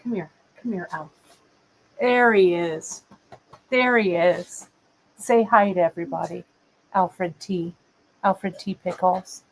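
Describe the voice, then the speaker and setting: A woman in her fifties hosts a live craft stream from her workbench. She talks slowly and unhurriedly, rambling warmly between asides to her viewers and her cat. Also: lowish voice, slight background noise, low-quality recording. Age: 50s. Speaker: host of a live beading show. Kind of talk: casual live-stream chat. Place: workshop bench, indoors.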